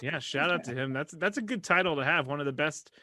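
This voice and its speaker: A man hosting a casual sports podcast, jokey and animated as he runs the segments. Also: on the high side, quick pace, dry recording. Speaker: podcast host.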